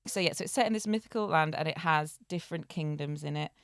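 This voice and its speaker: A woman co-hosting a podcast chats casually and retells an old tale, laughing often and tripping over difficult names. Her voice is deep, fast, clear and resonant. The studio recording is clean, with no room sound.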